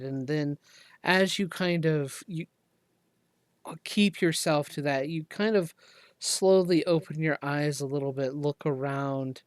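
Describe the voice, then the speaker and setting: A game master narrates a tabletop game slowly, building scenes through halting, filler-laden description. The voice sits at a middle pitch in a dry, close sound. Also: no room sound.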